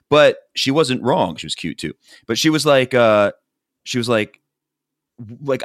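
Low-voiced man animatedly recapping reality TV. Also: normal speed, dry recording, clean studio sound. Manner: animated storytelling, acts out quotes from the show. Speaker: podcast host recapping reality TV. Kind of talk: casual chat.

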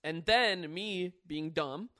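A young man hosting a casual chat and telling a story in an animated way, full of fillers and swearing. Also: a little high, takes it slowly. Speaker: YouTuber host.

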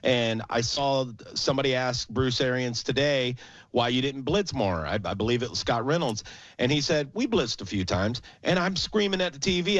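A man's voice: medium pitch, animated, normal speed, fairly bright tone, no room sound. A man co-hosting a casual sports podcast, ranting heatedly and swearing freely. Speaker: podcast co-host. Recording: dull lo-fi dry sound.

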